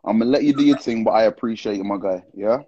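A man's voice: on the low side, fast talker. Tipsy man hosting a livestream. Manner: excitable, slang-heavy, talks to viewers. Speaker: livestream host. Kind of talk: casual livestream chat. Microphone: live stream with call-ins. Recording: dull lo-fi stream audio.

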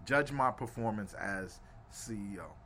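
A man hosting a casual sports podcast, animated and laughing, swinging between loud rants and low asides. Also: unhurried, slight background noise. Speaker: podcast host.

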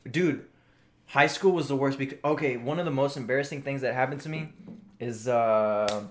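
A man's voice: mid-range voice, moderate pace, slight background noise. A young man co-hosting a casual podcast, telling crude, rambling stories full of quoted dialogue. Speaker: podcast co-host. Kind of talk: casual chat.

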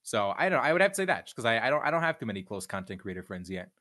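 A man's voice: medium pitch, sing-song, racing, sharp tone. A young man in casual chat, candid and profane, rambling with frequent restarts. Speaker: streamer guest.

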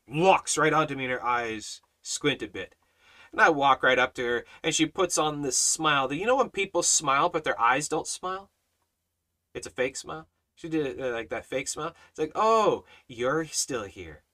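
A man's voice: mid-range voice, pushed and bright. A man giving a Bible study talk as a teacher, speaking emphatically and repeating phrases for weight.

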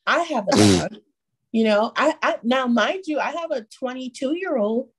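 A woman in her forties, a guest on a podcast, with a slightly high voice. She talks in a dry, matter-of-fact way, keeping it relaxed and conversational. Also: normal speed, slightly rough. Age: 40s. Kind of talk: casual chat.

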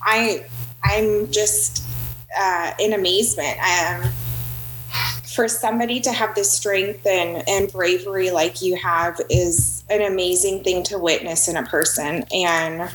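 A woman's voice: lowish voice, fairly even intonation, unhurried, a bit bright. A woman co-host speaking earnestly and admiringly to a guest. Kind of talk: casual chat. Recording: echoey room with faint hum.

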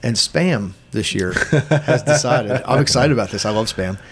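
A man's voice: medium pitch, lively intonation, moderate pace, background noise. A man co-hosting a casual podcast, bringing up odd news stories with hesitant fillers. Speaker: podcast co-host. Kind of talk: casual chat.

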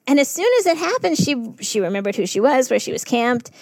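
A woman working in festival harm reduction, telling stories in a casual podcast chat, animated and laughing often. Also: on the high side, fast, hardly any pauses, no room sound, studio quality.

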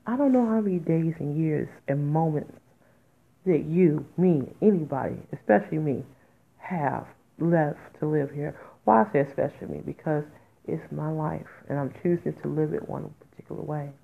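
A woman with a low, creaky voice hosts a podcast at a normal pace, pouring out an emotional personal monologue. Her speech is informal and in dialect, candid and punctuated by raw, emphatic outbursts. The audio sounds tinny, like a phone.

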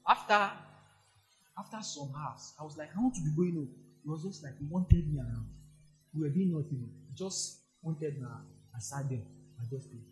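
A man with a Nigerian accent preaching a sermon, telling personal stories and swinging from soft asides to loud exclamations. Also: on the high side, moderate pace, soft background music. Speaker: pastor.

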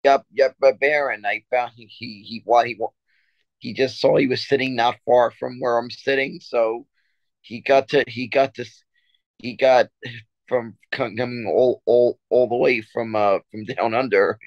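A man's voice: mid-range voice, steady tone, measured pace, no echo, muffled recording. A man co-hosting a casual sports podcast, telling a story in a rambling way with many restarts and stammers. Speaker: podcast co-host.

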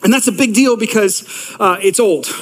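A male pastor in his thirties delivers a lively sermon, his voice set high for a man. He speaks with energy, stumbling over repeated words as he restarts his sentences. The sound carries a long reverb from a large church hall. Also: moderate pace.

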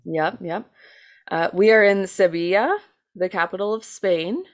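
Speaking a little slowly at medium pitch, an American woman relates a true-crime case as a podcast co-host. The chat is casual, and she fills it with fillers, self-mocking jokes and the odd swear word.

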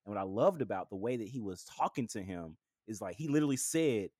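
A man co-hosting a podcast in casual chat, animated and laughing often. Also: fairly low pitch, fast talker, hardly any pauses, breathy edge, no room sound, clean studio sound. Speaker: podcast co-host.

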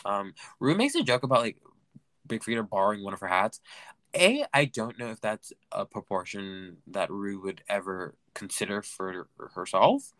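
A man hosting a solo recap podcast, talking in a campy, chatty way that swings between loud gushing and mumbled asides. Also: medium pitch, lively intonation, moderate pace, no echo. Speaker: podcast host.

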